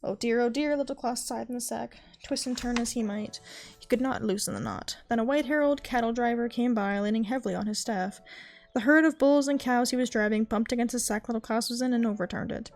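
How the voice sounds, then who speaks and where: Give me a woman reading a bedtime story quickly, a little high, with faint music. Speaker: streamer reading aloud.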